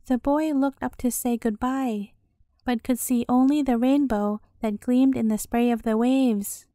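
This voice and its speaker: Gentle woman reading a bedtime story. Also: fairly high pitch, steady tone, unhurried, dry recording, studio quality.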